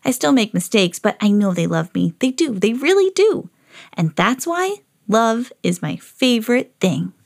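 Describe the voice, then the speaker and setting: A woman's voice: on the high side, unhurried, gravelly, heavily acted. A woman reading a children's storybook aloud as a lovable, eager female pet dog. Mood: earnest. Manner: earnest storybook reading, rising excitedly.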